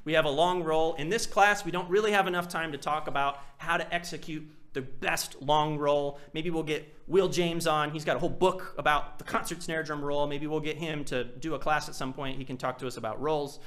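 A man's voice: a little high, fairly quick, hardly any pauses. A man teaching percussion in a live class, explaining technique casually and singing out rhythms as syllables. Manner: animated, vocalizes drum rhythms with syllables. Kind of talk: live online masterclass.

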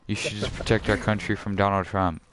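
An excitable young man streams a shooter game, shouting at teammates and the screen. His voice sits very low, and a faint hiss with clicks runs underneath. He talks into a headset mic. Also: a little fast. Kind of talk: gaming live stream chat.

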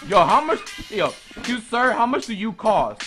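Hyped gaming commentator, man, shouts at his crowd, music playing. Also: high-pitched, a little slow. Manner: excitable, yells orders at his mob. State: out of breath. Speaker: gaming YouTuber. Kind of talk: casual let's play commentary. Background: game music.

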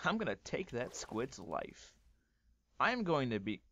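A man doing excitable, swearing let's play commentary, ranting and often breaking into yells. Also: mid-range voice, measured pace, long pauses, dry recording, muffled recording. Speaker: gaming YouTuber.

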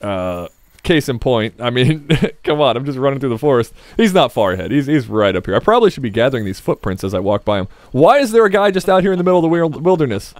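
A man's voice: medium pitch, very animated, fast talker, no room sound. A man casually commenting on his gameplay as a Let's Play host, rambling and joking with his viewers. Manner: rambling, jokey, talks to viewers.

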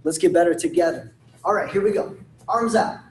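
A man's voice: sits high, fairly quick, distant mic, slight background noise. Man calling taekwondo drills in a roomy space. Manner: commanding drill calls, counting and shouted kiai yells. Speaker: martial arts instructor. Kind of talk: leading an online taekwondo class. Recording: roomy sound from away from the mic.

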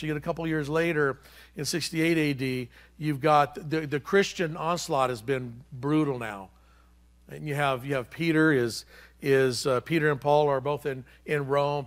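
Man, pastor, sermon, somewhat high voice, emphatic, repetitive, loud-to-hushed swings. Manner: emphatic, repeats key phrases, shifts between loud and hushed.

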